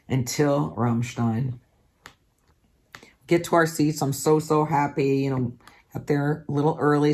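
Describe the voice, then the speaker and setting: A woman's voice: low voice, darkish tone. A woman hosting a diamond painting channel, chatting casually and candidly while she works, with the odd swear word. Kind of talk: casual chat while crafting.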